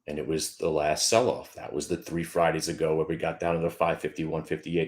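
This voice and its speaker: A man's voice: rumbling low, level tone, fairly quick, few pauses. A middle-aged man hosting a stock trading show, giving casual, joking market commentary with mock-emotional outbursts and stumbling repeats.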